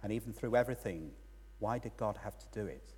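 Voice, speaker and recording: A man's voice: lowish voice, brisk, darkish tone, husky. A man giving a sermon as a priest, telling a story with rising and falling emphasis. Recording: long church reverb.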